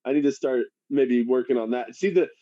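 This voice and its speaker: A man's voice: medium pitch, a little fast, dry recording. Guy cohosting a podcast, swears a lot, laughs mid-story, dry dull sound. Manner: swears freely, laughs mid-sentence, animated retelling. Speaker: podcast co-host. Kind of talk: casual chat. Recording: muffled, dry.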